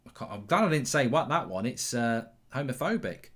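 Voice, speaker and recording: A man's voice: mid-range voice, very animated, brisk, fairly bright tone, husky. A middle-aged man hosting a live football watchalong, chatting loosely, reacting to the match as it happens and reading out viewer comments.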